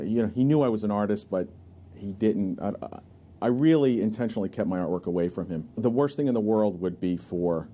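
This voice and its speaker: A man telling admiring anecdotes about a mentor in a documentary interview. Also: fairly low pitch. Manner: animated anecdote-teller, admiring. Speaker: artist recalling a mentor.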